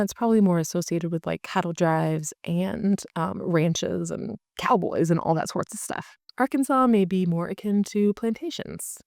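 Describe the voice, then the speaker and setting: A woman from Eastern Oklahoma speaks with a light Oklahoma accent in a smooth, clear voice, slightly lower than most. She talks to the camera in a relaxed, chatty way with casual asides. The sound is close and dry. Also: no echo. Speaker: real estate agent and channel host. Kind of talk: explanatory talk to camera.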